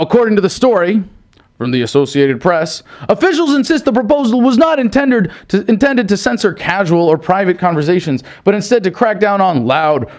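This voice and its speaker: Angry high-voiced man ranting. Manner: shouting, emphatic, swears heavily. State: pissed off. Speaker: political commentator. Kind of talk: angry profane rant.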